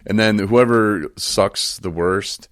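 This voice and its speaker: A man's voice: on the low side, slow, dry recording, clean studio sound. A man co-hosting a podcast in casual chat, joking around and laughing often. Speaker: podcast co-host.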